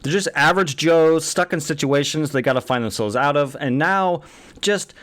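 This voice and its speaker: A man in his thirties talks through a movie review in a relaxed, casual way, his voice sitting a little higher than most men's. He is blunt and swears freely, often throwing out exasperated rhetorical questions about what he watched. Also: normal speed.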